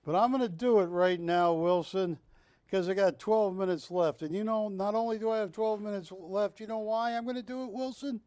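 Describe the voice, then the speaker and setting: High-voiced, joking shopping-channel salesman. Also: normal speed, a little mellow, dry recording. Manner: jokey, teasing, pushy salesman patter. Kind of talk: live television sales pitch. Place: television studio.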